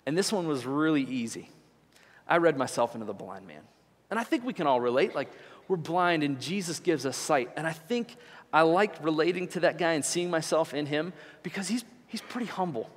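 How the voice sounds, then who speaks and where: A young man preaching a sermon in a church, conversational and animated as he tells stories. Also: a little high, fairly quick, long reverb tail. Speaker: pastor. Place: church sanctuary.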